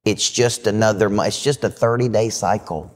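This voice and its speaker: A man hosting a live business show as a coach, giving a brash, fast-talking motivational pitch. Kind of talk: live podcast talk. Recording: hall reverb.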